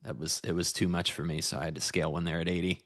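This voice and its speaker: A man's voice: deep voice, fairly even intonation, fast talker, a bit bright, no echo, clean studio sound. A man co-hosting a live trading stream, chatting casually and laughing often. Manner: laughs often, playful and upbeat. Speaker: co-host and futures trader. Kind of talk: casual live-stream banter about trades. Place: studio.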